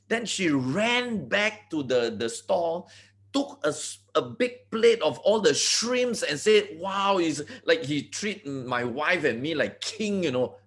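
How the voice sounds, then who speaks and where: A middle-aged Malaysian man speaks in an animated, storytelling way, often restarting his phrases and adding "you know." His voice sits rather high, and his pitch swings widely. He is heard over a video call. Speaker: guest speaker. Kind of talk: motivational talk.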